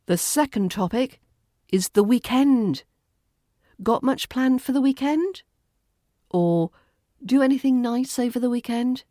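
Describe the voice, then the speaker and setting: Slow-paced British woman teaching. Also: on the high side, expressive, mellow, dry recording, clean studio sound. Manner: light, clear teaching delivery with acted example phrases. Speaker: accent coach and podcast host. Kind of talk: scripted podcast lesson.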